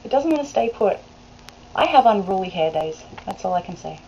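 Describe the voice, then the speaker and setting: Speaking fairly quickly, an Australian woman with a mellow, medium-pitched voice and big pitch swings chats casually to her webcam. Her vlog talk rambles and is full of laughs. The recording is dull and lo-fi, with faint hiss.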